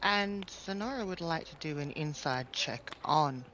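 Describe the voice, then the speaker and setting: A man at a tabletop game, musing over his character's doubts in a rambling, thoughtful way. His voice is bright and fairly high for a man, with a faint hum behind. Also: lively intonation, a little slow, low-quality recording. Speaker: player. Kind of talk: casual tabletop gameplay talk.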